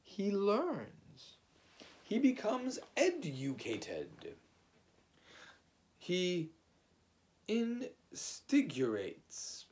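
A man doing a gloomy storybook donkey who drags out his words very slowly and solemnly. His voice rises and falls widely, and he sounds scornful and heavy. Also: high-pitched, wildly swooping pitch, a little mellow, pitched above the performer's own voice, full character voice. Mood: pompous.

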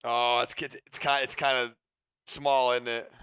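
A young man chatting casually and excitedly with his livestream chat, swearing often and breaking off to talk to people in the room. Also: mid-range voice, unhurried, clear, resonant tone, no room sound. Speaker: streamer.

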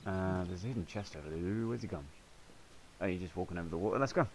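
A gamer gives sweary, jokey running commentary in a let's play video. His voice is low-pitched and fast, with slight background noise.

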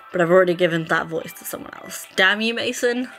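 A bright-voiced woman chatting through a dating game, reading out the story and reacting with frank, swearing asides. Faint music runs underneath. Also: medium pitch, quick pace. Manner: chatty, swears, reads game text aloud. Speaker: gaming YouTuber. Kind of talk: casual let's play commentary.

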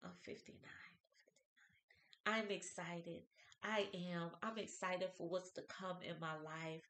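On her birthday vlog, a woman in her fifties reads out inspirational quotes and comments on each in an expressive, churchy manner. Her fairly low voice is unhurried, and the room is echoey.

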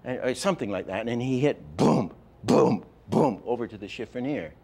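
An older man teaching animation, telling stories in a lively way and acting out example lines, with many restarts. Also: medium pitch, moderate pace, gravelly. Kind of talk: lecture with acted-out examples.

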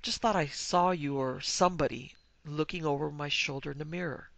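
A woman narrator voicing a petulant, boyish young husband in a spoken ghost story, a little higher and louder than her narration. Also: fairly quick, creaky, no room sound. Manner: demanding, then bewildered and hushed.

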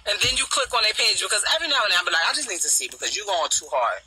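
A middle-aged woman with a deep voice, ranting bluntly and profanely on a talk show panel, firing off mocking repeated questions. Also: lively intonation, rapid-fire, bright, forceful tone, poor audio. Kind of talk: casual chat, ranting.

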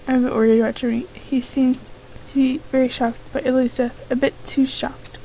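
High-pitched woman gamer, reads all game dialogue herself, quick asides, faint hiss behind. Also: little pitch movement, warm tone, rough recording. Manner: reads each character's lines in her own voice, reacts with exclamations. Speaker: let's play gamer. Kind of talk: reading game dialogue aloud with commentary.

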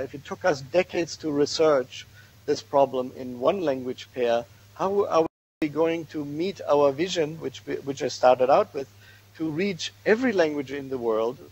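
Husky-voiced male lecturer. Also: on the high side, darkish tone, low-quality recording. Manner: thoughtful, restarts words, explains step by step. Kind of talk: academic lecture.

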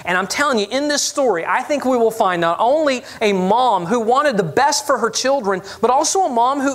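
A man preaching a sermon as pastor, telling stories with humor and asking the congregation for agreement. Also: sits high. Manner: storytelling with audience asides; self-deprecating humor.

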